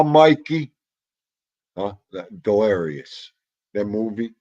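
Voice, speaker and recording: Rambling low-voiced livestream man. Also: vocal fry, a little mellow, breathy edge, no echo, lo-fi sound. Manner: rambling, nostalgic, muttering asides to himself. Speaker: livestream host. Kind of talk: casual livestream chat reading comments.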